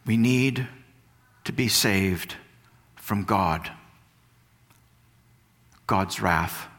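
A man preaching a sermon as pastor, slow and emphatic, building up to pointed questions and then dropping to hushed words. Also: fairly low pitch. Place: church sanctuary. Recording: long reverb of a church hall.

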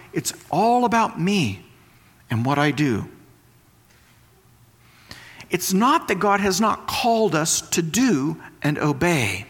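A man preaching with a lively, rising and falling voice, his sentences ringing out in a long hall reverb. He explains slowly, then repeats key phrases for weight, using everyday comparisons to teach his congregation. His voice sits fairly high for a man. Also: husky. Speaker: pastor. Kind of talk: sermon.

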